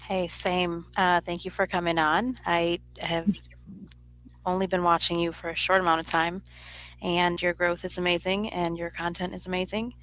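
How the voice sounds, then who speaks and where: A woman co-hosting a podcast who offers supportive encouragement. She speaks with a flat, even tone. Her voice sits a little low. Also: moderate pace, rough recording. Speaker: podcast co-host. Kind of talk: casual chat.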